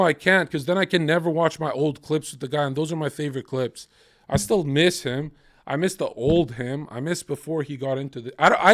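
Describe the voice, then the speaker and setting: A young man streaming, ranting heatedly and with lots of swearing, acting out other people's lines in quotes. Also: fairly high pitch. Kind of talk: ranting livestream commentary.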